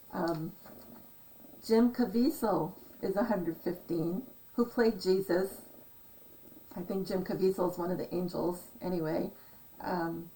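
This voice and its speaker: Chatty woman vlogging, rambly and excited, sounds a little far from the mic. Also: mid-range voice. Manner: chatty, excitable, trailing off with fillers. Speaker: vlogger decoding numbers. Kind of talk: casual rambling monologue.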